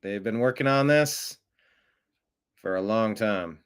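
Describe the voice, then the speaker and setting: A man's voice: lowish voice, slow pace, fairly bright tone, smooth. A man hosting a political news show, talking casually with wry, offhand remarks. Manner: wry, offhand, mocking asides. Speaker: political commentary show host.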